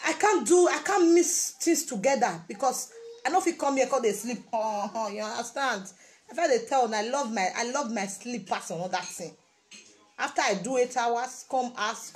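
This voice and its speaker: A woman with a Nigerian Pidgin English accent giving a casual motivational talk, repeating her phrases for emphasis. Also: a little high. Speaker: vlogger.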